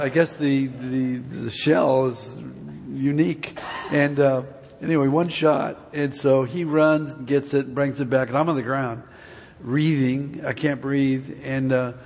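A man's voice: mid-range voice, a little hiss or hum. A man in his seventies giving a church testimony, telling a folksy, meandering personal story to the congregation. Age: 70s. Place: church sanctuary. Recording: long reverb of a large hall.

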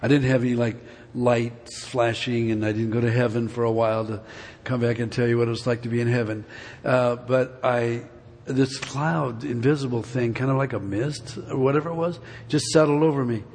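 Speaking at a moderate pace with fairly even intonation, this septuagenarian man has a medium-pitched, slightly mellow voice. He shares a rambling personal testimony with his congregation, and the big sanctuary lends it a long reverb.

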